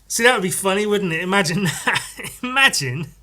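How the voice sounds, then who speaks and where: A man's voice: high-pitched, lively intonation, normal speed, sharp tone. A man hosting a solo comedy podcast, rambling and meandering, often stumbling and repeating words as he goes. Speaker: podcast host.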